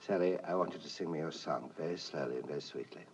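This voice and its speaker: A man's voice: very deep voice, quick pace. A man working as a film director, coaxing children through their lines and calling out commands on set. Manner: coaxing and patient, then shouting commands. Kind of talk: coaching child actors on set. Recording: distant, muffled, hissy vintage film-set recording.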